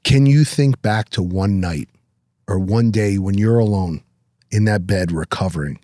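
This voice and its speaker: A man's voice: measured pace, no room sound, clean studio sound. A man hosting a podcast, reflective and casual, swearing freely as he talks with his guest. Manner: reflective, sinks low and quiet, swears casually. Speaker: podcast host. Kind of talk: casual interview chat.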